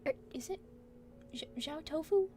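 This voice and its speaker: A woman's voice: sits high, normal speed, warm tone, slight background noise. A young woman streaming, chatting casually, giggling often and hiccuping now and then. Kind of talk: casual chat.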